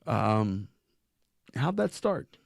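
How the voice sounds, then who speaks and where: A man's voice: fairly low pitch, sing-song, very slow, vocal fry, dry recording, clean studio sound. A man hosting a podcast, asking easygoing, joking questions peppered with fillers. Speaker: podcast host. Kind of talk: casual podcast interview.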